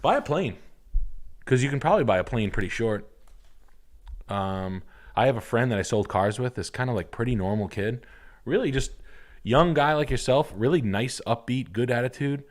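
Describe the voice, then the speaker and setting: A young livestream host chats casually and crudely, rambling through comic riffs and acting out goofy voices. His voice is medium-pitched and expressive, at normal speed.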